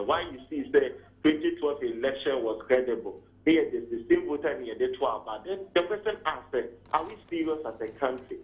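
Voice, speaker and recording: A man's voice: medium pitch, lively intonation, brisk, hardly any pauses, dull audio. A man with a Ghanaian accent calling a radio talk show, arguing his point in Twi and pidgin English. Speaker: caller. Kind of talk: radio call-in commentary.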